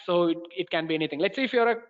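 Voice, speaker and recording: A man with an Indian English accent walks through a software demo in a webinar, talking in halting bursts full of restarts. His voice sits fairly high for a man. The sound is dull and lo-fi, with a long roomy reverb. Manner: halting, many fillers and restarts. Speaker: course instructor.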